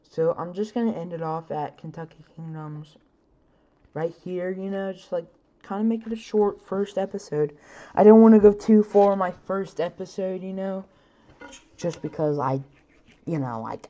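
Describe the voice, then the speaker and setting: A woman's voice: fairly low pitch, moderate pace, warm tone, muffled recording. A woman hosting her own podcast, chatting casually with lots of fillers, her voice a bit scratchy. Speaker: podcast host. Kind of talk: casual solo podcast chat.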